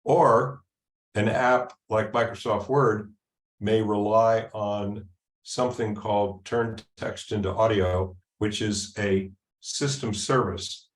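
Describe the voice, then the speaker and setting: A man presenting at a user group meeting, walking through a software demo in a casual, halting way with ums and restarts. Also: lowish voice, fairly even intonation. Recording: echoey room sound.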